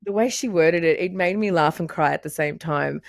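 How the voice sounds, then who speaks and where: A woman's voice: on the low side, normal speed, vocal fry, no echo, studio quality. A young adult woman hosting a podcast, chatting candidly and swearing freely, often laughing. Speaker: podcast host. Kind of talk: casual conversation.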